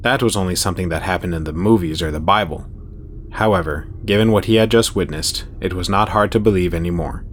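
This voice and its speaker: A man narrating a dark horror story in a steady, even storytelling voice. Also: low voice, a little fast, slight background noise. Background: faint music.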